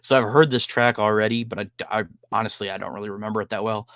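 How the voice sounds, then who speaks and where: A man's voice: lowish voice, fairly even intonation, fast, fairly bright tone, no room sound, studio quality. A man hosting a podcast, chatting casually about a record he just heard, rambling with many fillers and frank swearing. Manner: rambling, lots of "like" and "um". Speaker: podcast host. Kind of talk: casual music review chat.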